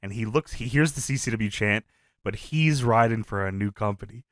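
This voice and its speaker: A man co-hosting a podcast in casual chat, excitable, laughing often and swearing freely. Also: lowish voice, normal speed, dry recording, clean studio sound. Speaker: podcast co-host.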